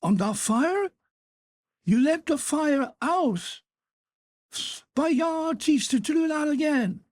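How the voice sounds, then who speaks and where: A man voicing a drunken, brutal father who bullies and shouts in an audiobook story. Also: sits high, animated, a little fast, dry recording, studio quality, pitched above the performer's own voice. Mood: furious. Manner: bullying, shouting. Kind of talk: audiobook character voice.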